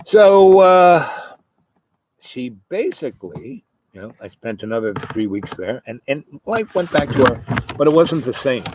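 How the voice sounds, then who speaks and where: A man spinning a meandering personal story at a middle pitch, wandering off into asides and fillers. A steady hiss of background noise runs under the voice. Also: measured pace. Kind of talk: rambling spoken storytelling.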